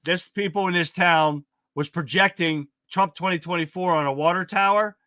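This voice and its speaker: Swearing and blunt, this livestream host runs a laid-back political stream, reading out chat and welcoming viewers by name. His high voice is sharp, at normal speed, with no echo.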